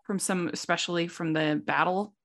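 A woman hosting a casual film discussion, chatty and quick to laugh. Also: fairly low pitch, fairly even intonation. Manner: chatty, laughs often, many restarts. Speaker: podcast host.

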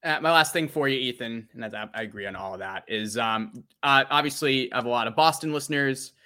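A man hosts a podcast interview and asks loose, rambling questions full of "uh" and "um." His voice is bright and forward, at a middle pitch. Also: fairly quick. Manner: loose questions with many fillers. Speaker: podcast host.

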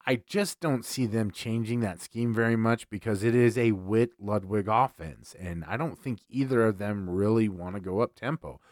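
A man's voice: fairly low pitch, normal speed, few pauses, no echo, clean studio sound. A man hosting a sports podcast in casual talk, conversational and repeating words as he starts sentences.

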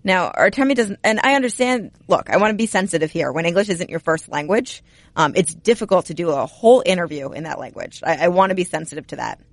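A woman co-hosting a hockey podcast, chatting casually and telling stories with lively energy. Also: fairly low pitch, fast, no echo. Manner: chatty, animated storyteller. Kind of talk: casual sports chat.

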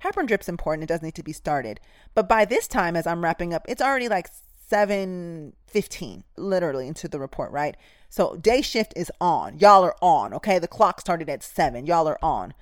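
A woman's voice: lowish voice, animated, fairly quick, no echo, studio quality. A woman nurse hosting a podcast, telling work stories in a direct, emphatic, casual way and speaking straight to her listeners. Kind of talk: casual instructive storytelling.

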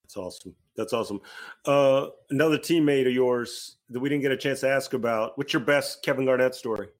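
A man co-hosting a relaxed interview who asks his questions with pauses and fillers. His voice sits at an ordinary middle pitch. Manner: hesitant, filler-heavy questions.

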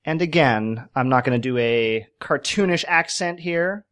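A man's voice: medium pitch, animated, unhurried, fairly bright tone. A man hosting a quiz on a casual podcast, playful, spelling out words letter by letter. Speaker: quiz host.

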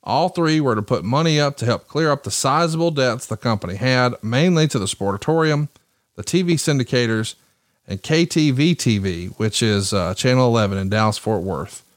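A man co-hosting a podcast, walking through business history in a measured, explanatory way. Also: mid-range voice, expressive, dry recording, clean studio sound. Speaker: podcast co-host. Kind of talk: podcast storytelling, reading notes.

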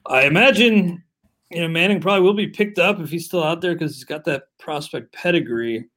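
Slightly high-voiced man leading a podcast. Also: brisk. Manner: steady, leads the segment, moves between topics. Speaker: podcast co-host. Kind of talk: casual fantasy baseball chat.

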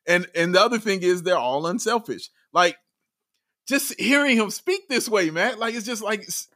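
An excitable man co-hosting a casual sports podcast, his voice high and bright. He laughs often and gets loud when something thrills him. The sound is close and dry. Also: moderate pace, no room sound. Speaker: podcast co-host.

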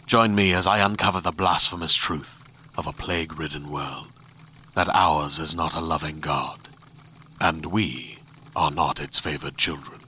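A man's voice: rumbling low, steady tone, measured pace, pushed and bright, slight background noise. A man reading a solemn, ominous podcast trailer in dramatic narration.

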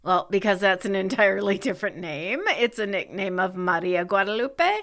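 A middle-aged woman from California co-hosting a podcast, reading her segments in a wry, brisk way. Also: mid-range voice, animated, fairly bright tone. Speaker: podcast co-host. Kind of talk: scripted podcast chat.

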